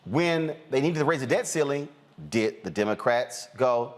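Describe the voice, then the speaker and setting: A man hosting a political talk show, emphatic and animated, with an American accent, often repeating words for punch. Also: medium pitch, moderate pace. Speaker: host. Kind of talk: opinionated political commentary.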